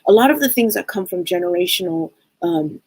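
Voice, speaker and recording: A woman with a lowish, husky voice hosts a live psychic reading stream. She talks in a heartfelt, rambling way and often circles back to restart her thoughts. The sound is dry and close. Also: expressive, a little fast, darkish tone, dry recording, rough recording. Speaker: psychic reader, host of a live show.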